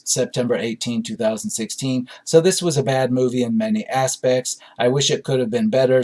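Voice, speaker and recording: A man hosting a movie review show, reading audience reviews aloud and commenting on them in a relaxed, conversational way with frequent fillers and restarts. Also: mid-range voice.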